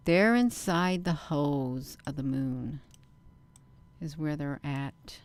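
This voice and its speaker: Low-voiced woman, emphatic and animated. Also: slow. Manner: animated, repeatedly addresses viewers as "you all"; insistent, emphatic bursts. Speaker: channel host. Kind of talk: casual live commentary over camera footage.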